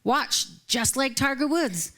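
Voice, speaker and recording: A woman minister quoting a boastful man showing off his golf swing, in a slow, drawn-out voice. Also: high voice, lively intonation, sharp tone, voice pushed up, exaggerated voice.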